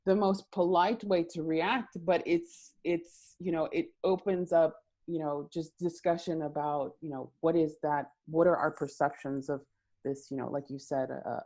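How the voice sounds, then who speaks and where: A woman's voice: low voice, dark tone. A woman filmmaker on a virtual panel, talking in a rambling way with many fillers.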